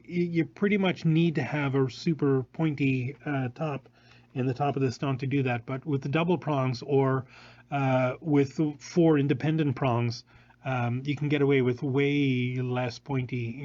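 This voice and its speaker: A man's voice: mid-range voice, steady tone, a little slow, a little mellow, no room sound, lo-fi sound. A man hosting a live product showcase, rambling along with many fillers and restarts, recorded on a phone. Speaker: jewelry showroom host.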